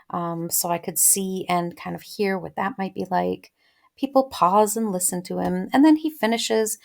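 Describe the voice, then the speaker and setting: A woman's voice: medium pitch, gravelly. A woman teaching literature in a casual close-reading lecture, chatting and thinking aloud with many ums.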